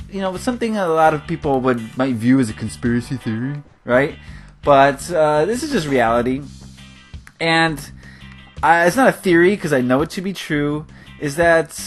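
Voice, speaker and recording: Rambling california guy talking over his game build, laughs a lot, bouncy voice, soft guitar behind. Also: a little high. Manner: chatty, rambling, laughs often. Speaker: gaming video host. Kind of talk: casual gameplay commentary. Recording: faint guitar music behind.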